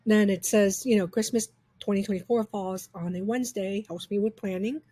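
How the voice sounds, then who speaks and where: Woman, breathy voice, upbeat chatty software walkthrough. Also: mid-range voice, fairly even intonation, moderate pace, no echo. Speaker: software reviewer. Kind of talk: casual screen-recorded software demo.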